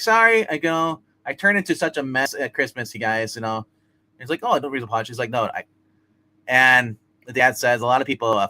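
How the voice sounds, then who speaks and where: A man's voice: mid-range voice, pushed and bright, rough recording. A man hosting a live comic review, recapping an issue in a rambling, casual way with many fillers and restarts. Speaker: comic review show host.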